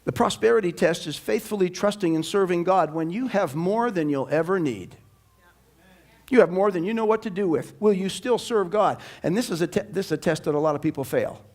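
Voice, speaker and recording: Man, very high voice, pastor, sermon in church, emphatic preaching. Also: brisk. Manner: animated, emphatic preaching with sudden loud bursts.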